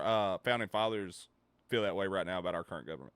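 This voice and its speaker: A man streamer ranting in casual chat, animated, swearing and laughing between points. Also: sits low, fast talker, clear, resonant tone, no room sound. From United States.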